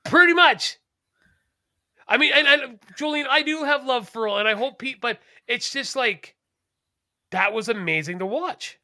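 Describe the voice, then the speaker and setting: A man co-hosting a podcast in casual chat, rambling, animated and profane. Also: very high-pitched, unhurried, no room sound, clean studio sound. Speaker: podcast co-host.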